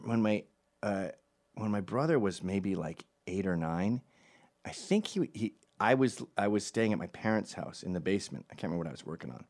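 Lively low-voiced man telling a comic story. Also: a little fast. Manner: animated, acts out every voice in the story. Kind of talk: comedic storytelling.

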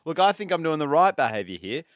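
A young man with an Australian accent, hosting studio radio and telling stories with indignant, animated banter. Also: fairly high pitch, quick pace, no echo. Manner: animated, indignant storytelling with mocking voices. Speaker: radio host. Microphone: studio microphone.

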